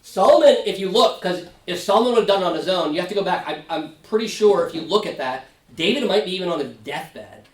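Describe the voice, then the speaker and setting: A male pastor leads a relaxed Bible study in a church classroom, his voice a touch high for a man. He talks conversationally, often checking in with the class. The sound is roomy and picked up from a distance. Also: fast talker, few pauses. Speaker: pastor teaching Sunday school. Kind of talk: casual Bible study teaching. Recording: roomy, from far off mic.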